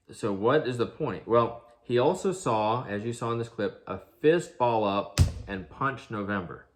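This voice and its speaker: Earnest man with a lowish voice. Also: fairly bright tone. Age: adult, father of an eighteen-year-old. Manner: earnest, rhetorical questions, frequent restarts. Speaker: video commentator. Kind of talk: prophecy commentary monologue.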